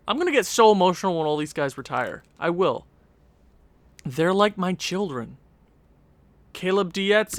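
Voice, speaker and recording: A man's voice: high voice, a bit bright. A man giving casual, rambling commentary while he plays a video game, correcting himself as he goes. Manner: rambling, chatty, self-interrupting. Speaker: gaming channel host.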